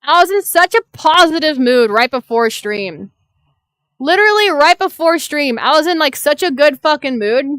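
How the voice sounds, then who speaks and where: A woman's voice: sits high, lively intonation, moderate pace, fairly bright tone, dry recording. A young adult woman streamer venting in an exasperated, profane rant. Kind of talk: venting live-stream chat.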